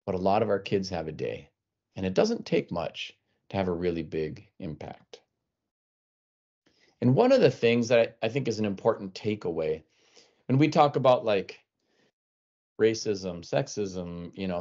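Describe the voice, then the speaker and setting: A man speaks in a low voice, telling a personal story with a wry, conversational touch. He acts out the people he quotes. The recording sounds somewhat dull and lo-fi. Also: warm tone. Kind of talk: storytelling talk.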